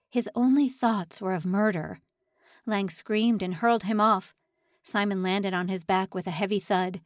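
A woman's voice: medium pitch, dry recording, clean studio sound. A woman narrating a suspense novel audiobook in a dramatic, tension-building read. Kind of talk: scripted narration.

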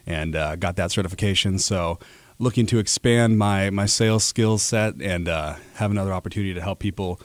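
A man's voice: low voice, brisk, dry recording. A man in his thirties from Alaska, a radio guest talking earnestly about his work with many fillers and restarts. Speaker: guest, ad sales rep. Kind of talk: casual interview talk.

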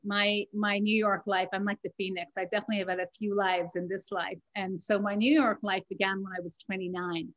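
A woman with a faint Irish accent, a life coach, talking warmly and laughing often as an interview guest. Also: medium pitch, rough recording. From Ireland. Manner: warm, chatty, laughs often. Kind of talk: conversational interview.

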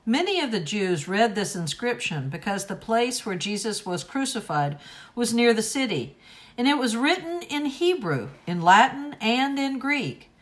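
A woman giving a solemn, deliberate liturgical reading of scripture at a service. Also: a little high, sing-song. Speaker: scripture reader.

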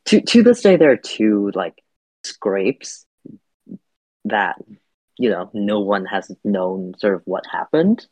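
Slow and marked by long pauses, this Vietnamese man's lowish, slightly mellow voice stays very animated as he talks thoughtfully as a podcast guest. He hesitates often, with many fillers and restarts; the dull lo-fi recording has no echo.

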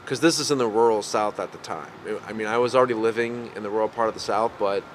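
Male podcast host, low voice, easygoing and rambling, noisy recording. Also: quick pace. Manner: rambling, laughs often, many fillers. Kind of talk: casual conversation.

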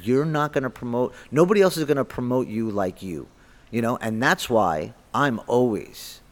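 A man's voice: medium pitch, moderate pace, long reverb tail. Blunt, swearing man in his fifties. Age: 50s. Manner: blunt, profane, animated storyteller. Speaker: martial arts instructor, guest. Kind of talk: casual podcast interview storytelling.

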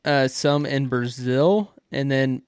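Smooth-voiced Midwest man chatting. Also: medium pitch, fairly even intonation, slow pace, darkish tone, dry recording, clean studio sound. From American Midwest. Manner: rambling, laughs often, many fillers. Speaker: podcast co-host. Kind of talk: casual chat.

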